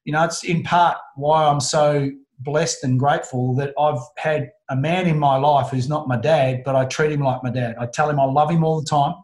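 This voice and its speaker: Australian man, middle-aged, interview guest, earnest, halting, restarts sentences, echoey room. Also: on the high side, steady tone. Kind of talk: emotional interview storytelling. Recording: roomy echo.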